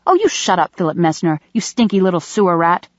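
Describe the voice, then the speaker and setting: A sharp-tongued schoolgirl snaps back in a high, scolding voice, as a woman reader puts her on. She is loyal and quick to threaten. The sound is dull and dry. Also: very animated, dry recording.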